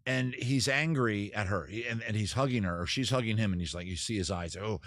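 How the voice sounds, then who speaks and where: A man hosting a casual livestream, talking in a rambling, self-interrupting way, swearing and acting out scenes in quick put-on voices. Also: fairly low pitch, fairly bright tone, no room sound, clean studio sound. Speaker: livestream host. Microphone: camera mic.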